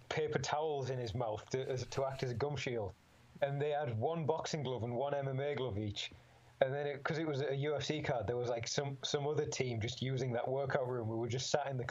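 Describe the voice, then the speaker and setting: Speaking briskly in a darkish, medium-pitched voice, an amateur MMA fighter guest talks about fighting in a casual chat. He rambles, curses freely, and laughs often, and the recording has a slightly dull lo-fi quality.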